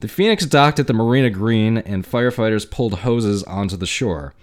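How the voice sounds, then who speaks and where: A man's voice: on the low side, expressive, a little fast. A man in his forties with a stuffy nose, co-hosting a podcast and retelling a history story in loose, profane casual chat. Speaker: podcast co-host.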